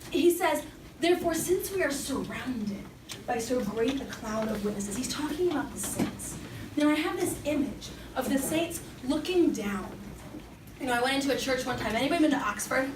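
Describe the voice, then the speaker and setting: A woman's voice: high-pitched, expressive, moderate pace. A woman speaking to young people at a Catholic summer program, casual and joking as she preaches. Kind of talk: faith talk to young people. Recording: echoey room, distant mic, background noise.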